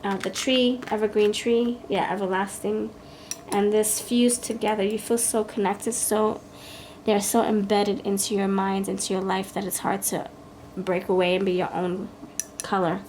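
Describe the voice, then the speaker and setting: A woman reads tarot cards aloud, blunt and scolding as she thinks through each card. Her voice sits at an ordinary middle pitch for a woman. There is a faint hiss of noise behind her. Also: level tone, normal speed, a little mellow. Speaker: tarot reader. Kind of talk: pick-a-card tarot reading.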